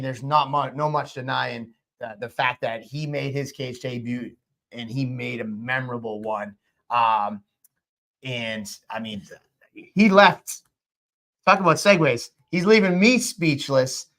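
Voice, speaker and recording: A man co-hosting an awards show, chatting casually and rambling between categories. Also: medium pitch. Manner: relaxed, rambling, with fillers. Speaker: host.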